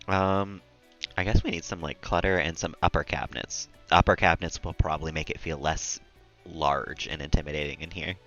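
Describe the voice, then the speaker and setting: Man, low voice, crisp bright tone, rambling gameplay chatter, laughs a lot. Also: fairly even intonation, normal speed, pauses often, muffled recording, faint music behind. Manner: rambling and chatty, laughs often at own jokes. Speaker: live streamer. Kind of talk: casual gameplay commentary.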